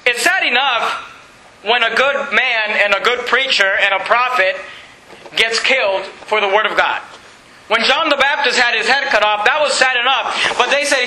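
A man preaching a sermon, retelling a scripture story in animated, conversational storytelling. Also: very high-pitched, moderate pace, roomy sound, slight background noise, low-quality recording. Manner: animated storytelling, acting out voices.

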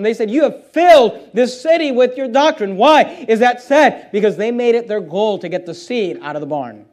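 A man's voice: very high-pitched, fairly quick, few pauses, a little mellow. A man preaching a sermon as pastor, reading scripture aloud and building to emphatic, raised passages.

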